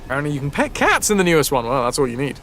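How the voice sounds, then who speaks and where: A man's voice: a little high, very animated, racing, a bit bright, a little hiss or hum. A man streaming a game, chatting casually with viewers, reading game text aloud and swearing now and then. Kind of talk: casual gameplay commentary with chat. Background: faint game music.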